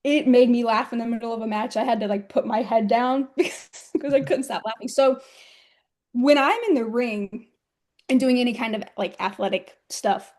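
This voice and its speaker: A woman's voice: fairly high pitch, moderate pace, darkish tone. A young woman from the United States, a professional wrestler, chatting in an interview and telling stories with frequent giggles. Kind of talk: casual interview chat.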